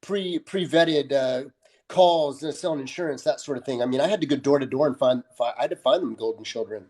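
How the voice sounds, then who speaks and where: A man's voice: mid-range voice, a little fast, a little mellow. A man who is a guest on a live stream, chatting casually in a laid-back way, often saying "bro" and restarting his sentences. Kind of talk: casual chat.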